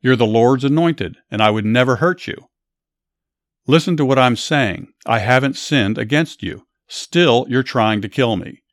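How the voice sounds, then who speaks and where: A man's voice: mid-range voice, lively intonation, a little slow, no echo, clean studio sound, pitched above the performer's own voice. A man voicing a young warrior pleading his innocence in a Bible story, earnest and insistent.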